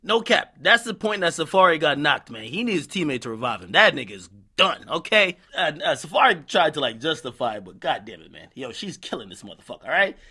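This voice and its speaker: A man giving casual, profane commentary on posts he reads out, talking bluntly and excitably. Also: on the high side, fairly quick, few pauses, slightly rough. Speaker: gossip commentator.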